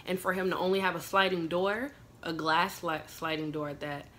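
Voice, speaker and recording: A woman's voice: lowish voice, fairly even intonation, normal speed, a bit bright, a little hiss or hum. A young woman from the United States telling a long personal story in a casual, rambling way, full of fillers and quoted dialogue. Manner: chatty, filler-heavy retelling with quoted dialogue. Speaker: vlogger.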